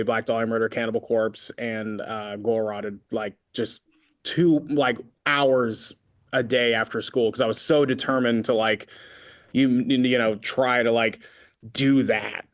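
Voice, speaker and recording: Man from california, metal vocalist guest, rambling animated storytelling, lots of fillers. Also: medium pitch, unhurried. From Concord, California. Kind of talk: casual interview chat.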